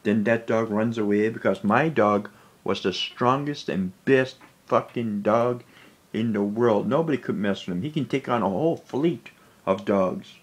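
A man talking in a personal vlog, emotional and close to tears, rambling in a low, subdued voice. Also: a little slow, breathy edge. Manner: tearful, rambling, speaks low and subdued with sudden angry outbursts. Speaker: vlogger.

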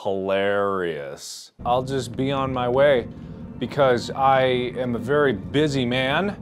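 A man in his thirties, a gaming YouTuber doing let's play commentary, animated and yelping as he plays in VR, winded from moving. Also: mid-range voice, takes it slowly, music in the background. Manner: animated, yelps and jokes while playing VR.

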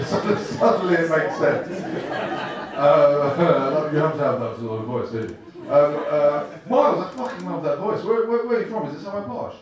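A man's voice: fairly high pitch, animated, normal speed. A man hosting a live comedy night, teasing someone in the audience, laughing often and swearing. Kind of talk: crowd work at a live comedy show. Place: comedy club stage. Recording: echoey club from a distance, loud crowd.

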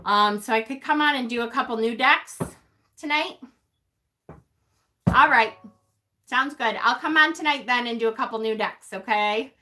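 A North Carolina woman hosts a witchy, casual live stream, reading comments, teasing her viewers and laughing often. Her voice runs on the high side with a sharp tone, at normal speed with long pauses.

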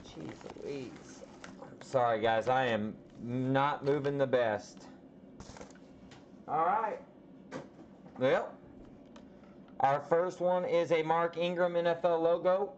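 A man hosting a casual card break, calling out players with slow, drawn-out reactions as he opens packs. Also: a little high, a little mellow. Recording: slightly dull audio with faint background noise.

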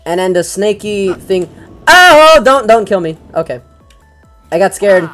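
A young man giving casual let's-play commentary as a gaming channel host. He gets excitable, swears often and yells at the game. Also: sits high, normal speed, faint music behind.

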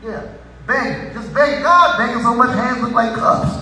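A male preacher giving a sermon, with repetitive lines that build into shouted crescendos. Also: extremely high pitch, moderate pace, slight background noise. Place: church sanctuary. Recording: echoey hall from far off.

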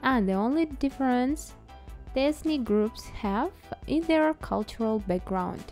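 A woman with a Russian accent talks through a language lesson at a slow, easy pace. Her voice is a little high and mellow. Soft music plays quietly behind her. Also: expressive. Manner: chatty, playful, asks herself questions. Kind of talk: casual educational talk to camera.

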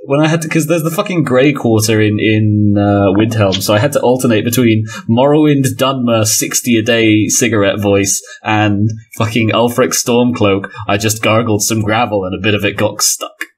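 A man's voice: lowish voice, normal speed, hardly any pauses, slightly rough. A man narrating a tabletop game as game master, with dry banter and casual swearing.

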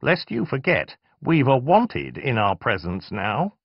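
Brief: a prim, snappish storybook mother, high and lively, put on by a male reader, dull dry sound. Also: measured pace, vocal fry, breathy edge, dry recording, exaggerated voice. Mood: sharp. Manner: prim and sharp. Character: stern, anxious mother, middle-aged woman.

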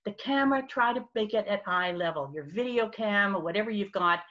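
Woman, video-call workshop speaker, expressive, acts out examples, dull lo-fi sound, mid-pitched. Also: brisk. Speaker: speaker on virtual presence. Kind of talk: conversational workshop talk.

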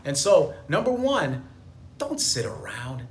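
A man's voice: medium pitch, wildly swooping pitch, slow, creaky. A man, a business attorney, giving a motivational talk to camera, emphatic and fond of repeating his key phrases.

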